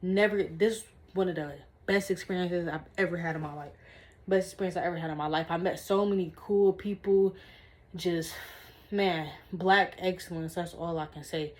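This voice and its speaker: A young woman with a slightly low voice vlogs from her own room. She chats casually and excitedly to her viewers, circling back and repeating herself as she talks. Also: moderate pace. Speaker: vlogger. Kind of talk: casual vlog chat. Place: her room indoors, dimly lit.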